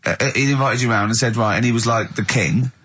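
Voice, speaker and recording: A man hosting a radio show, bantering with bursts of laughter and shouted outbursts, in a studio. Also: mid-range voice, fast talker, husky. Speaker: radio host.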